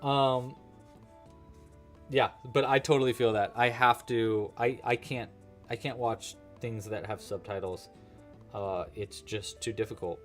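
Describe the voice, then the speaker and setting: A man's voice: mid-range voice, steady tone, a little slow, fairly bright tone, soft background music. A man hosting a live crochet-along, chatting casually and joking while he thinks aloud about his work. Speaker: livestream crochet host.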